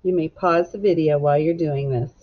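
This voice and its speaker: A woman teacher giving a recorded phonics lesson to children, slowly sounding out letters and words in a clear, encouraging way. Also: low voice, fairly even intonation, lo-fi sound.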